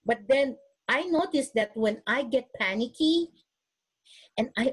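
A woman's voice: high-pitched, lively intonation, measured pace, pauses often, breathy edge, poor audio. A woman who is a nurse, speaking earnestly at a webinar and showing self-care techniques, often restarting her sentences. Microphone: webinar recording.

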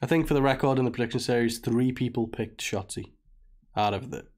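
Male podcast co-host, northwest English accent, mid-pitched, rambling casual chat. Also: brisk, darkish tone. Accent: northwest English, near Liverpool. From northwest England. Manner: chatty, rambling, laughs often.

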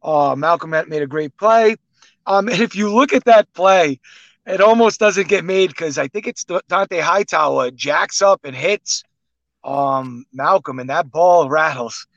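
A man with a fairly high voice talks through plays in a hesitant way, with lots of fillers. His sound is dull and dry, like a lo-fi remote line. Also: measured pace, a bit bright, no echo. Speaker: podcast co-host. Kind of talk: casual sports analysis.

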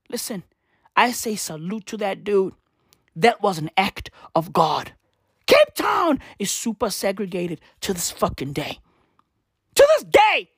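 Woman, slow provocative comic rant, dry close sound, pitch swinging wide. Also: no echo. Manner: provocative, swinging between loud outbursts and muttered asides.

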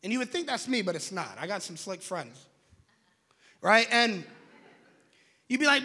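A young man preaching a sermon in an animated, conversational way, in a large church hall. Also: high-pitched, normal speed, pauses often. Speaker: pastor. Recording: long hall reverb.

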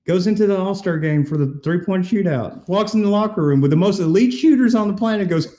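Casual male co-host, mellow voice, lively storyteller, echoey room. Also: high-pitched, fairly quick. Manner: animated storyteller, acts out quotes. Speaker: podcast co-host. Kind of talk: casual sports chat.

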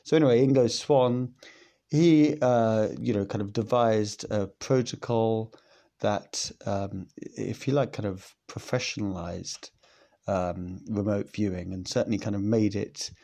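A man's voice: fairly low pitch, creaky, mellow. A man hosting his own podcast in a casual solo monologue, rambling and self-mocking, joking at his own slips. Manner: rambling, jokey and self-mocking, with many fillers. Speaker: podcast host.

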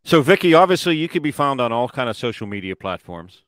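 A man's voice: mid-range voice, very animated, fast talker, fairly bright tone, dry recording, studio quality. A man hosting a podcast, casual chat, joking and teasing his guest. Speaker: podcast host.

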